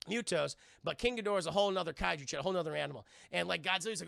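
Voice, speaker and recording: A man giving an excitable, profane live-stream film review, talking straight to his chat and acting out scenes. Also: fairly high pitch, rapid-fire, vocal fry, hardly any pauses, no echo, clean studio sound.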